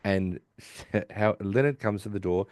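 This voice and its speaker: A man's voice: lowish voice, slow pace, a little mellow, dry recording, clean studio sound. An Australian man hosting a podcast, recapping a TV episode in a loose, rambling chat and swearing casually. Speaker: podcast host.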